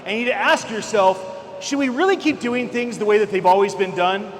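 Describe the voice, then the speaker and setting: A man in his forties from California giving an energetic keynote speech at a conference, emphatic and at times shouting for emphasis. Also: high-pitched, brisk. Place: large event hall. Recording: echoey hall with faint ambience.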